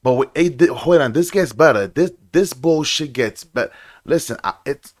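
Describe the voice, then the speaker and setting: Ranting young man reacting, animated. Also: fairly high pitch, moderate pace. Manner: animated, ranting, swears often. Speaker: reaction video host. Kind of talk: casual reaction commentary.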